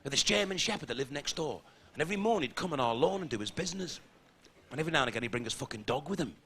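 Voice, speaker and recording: A man's voice: fairly high pitch, animated, rapid-fire, bright, forceful tone. A man with a Scouse accent doing crude, brash stand-up comedy on a theatre stage. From Liverpool, England. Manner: brash, crude, swearing punchlines.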